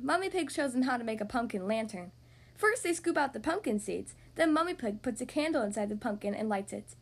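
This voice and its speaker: Upbeat woman host, kids' story reader, high lively voice. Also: fairly quick. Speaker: podcast host reading to kids. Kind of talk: children's storybook reading.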